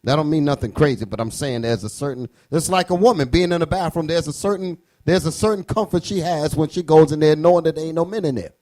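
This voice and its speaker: A man's voice: fairly high pitch, fast talker, hardly any pauses, warm tone. A man leading a preaching panel, casual and emphatic, acting out quotes as he makes his point.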